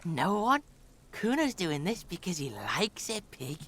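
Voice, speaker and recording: A woman's voice: mid-range voice, sing-song, measured pace, heavy background noise. A woman voicing a crude, cocky boy street kid in a video game who taunts and mocks. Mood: taunting.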